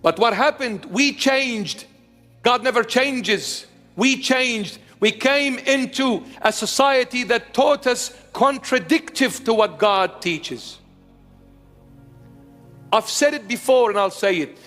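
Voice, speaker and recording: A man's voice: extremely high pitch, expressive, slow pace, a bit bright, in a large hall, faint music behind. A man in his fifties delivering an emphatic sermon, repeating his key phrases. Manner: emphatic, repetitive preaching. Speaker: preacher.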